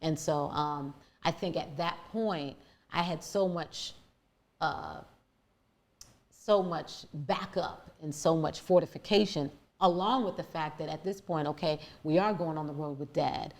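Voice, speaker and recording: A woman with a deep voice, telling her life story as a podcast guest in an earnest, searching way with many restarts. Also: measured pace. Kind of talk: reflective conversational storytelling.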